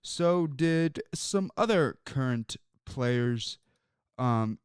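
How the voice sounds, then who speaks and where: Guy hosting sports talk, slow and rambly, smooth clear voice, dry sound. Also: mid-range voice, expressive, no room sound. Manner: rambling, storytelling, many fillers. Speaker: sports talk show host. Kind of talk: casual sports talk monologue.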